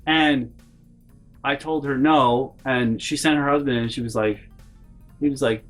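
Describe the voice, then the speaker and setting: A man's voice: mid-range voice, measured pace, long pauses, soft background music. A man telling a personal story casually on his vlog, swearing often and rambling with restarts. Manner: profane, animated, rambling with restarts. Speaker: vlogger.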